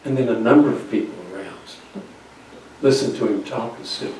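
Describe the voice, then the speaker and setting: A male pastor telling a Bible story in a conversational sermon with halting restarts, recorded from a distance in an echoey church. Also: medium pitch, darkish tone, a little hiss or hum. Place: church sanctuary. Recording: very echoey hall, distant mic.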